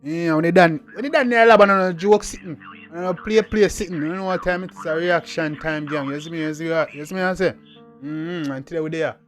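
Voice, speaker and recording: A man's voice: on the high side, fairly quick. A young man with a Jamaican accent hosting a casual music reaction, bantering in patois with repeated "you see me" refrains. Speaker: reaction channel host.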